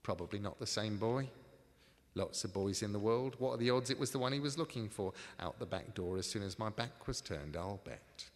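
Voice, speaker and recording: A man's voice: lowish voice, lively intonation, normal speed. A man reading aloud, voicing a sour, greedy old male shopkeeper who grumbles and wheedles. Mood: grumbling. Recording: live reading in a reverberant hall.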